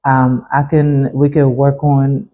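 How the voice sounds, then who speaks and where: A woman who works as a massage therapist, chatting casually as a podcast guest, lively and laughing often as she acts out her clients' reactions. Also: a bass voice, takes it slowly, narrow, tinny audio.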